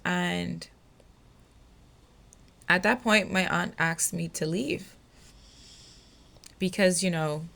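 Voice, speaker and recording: Slow, low-voiced woman telling her story. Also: vocal fry, fairly bright tone. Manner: emotional, halting, many fillers. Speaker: podcast host. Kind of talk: personal storytelling.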